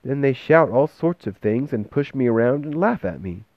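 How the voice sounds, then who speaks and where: A man voicing a shy, timid young schoolboy who speaks softly and hesitantly, recorded with a dull, dry sound. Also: medium pitch, expressive, moderate pace, dry recording, voice pushed up, close to an everyday voice.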